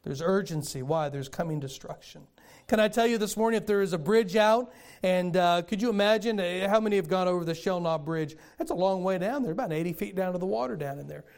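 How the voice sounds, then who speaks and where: An older man preaching a sermon in a folksy storytelling way, with sudden loud bursts. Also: high voice, fairly quick, creaky. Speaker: pastor.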